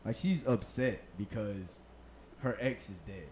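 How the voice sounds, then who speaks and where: A man co-hosting a podcast, laid-back and swearing often, posing scenarios and laughing loudly. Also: on the low side, a little slow. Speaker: podcast co-host. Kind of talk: casual podcast banter.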